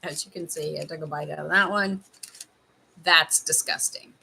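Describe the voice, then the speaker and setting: A woman's voice: low voice, steady tone, moderate pace, vocal fry, bright, forceful tone, slight background noise, poor audio. Chatty woman tasting candy on a livestream. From Canada. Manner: chatty, tasting candy while advising viewers. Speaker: life coach livestreaming. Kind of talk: casual livestream chat.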